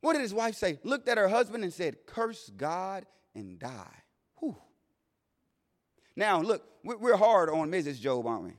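A man preaching a sermon in a plain-spoken way, swinging between loud declarations and hushed asides. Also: sits high, sing-song, fairly quick, hardly any pauses. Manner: plain-spoken, vernacular phrasing. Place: church sanctuary. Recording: long reverb of a large hall.

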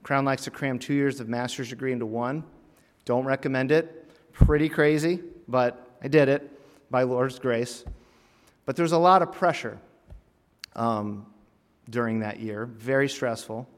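A man preaching a sermon and telling a humorous personal story, animated, with sudden loud, emphatic bursts and quiet drops. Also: mid-range voice, unhurried, long pauses. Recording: long hall reverb.

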